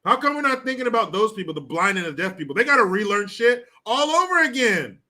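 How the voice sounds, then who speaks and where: A man hosting a casual commentary stream, reading viewer comments aloud with crude, mocking asides. His voice sits high and bright, with a lively, swinging delivery. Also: quick pace. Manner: crude and mocking, laughs often. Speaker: host of a commentary livestream.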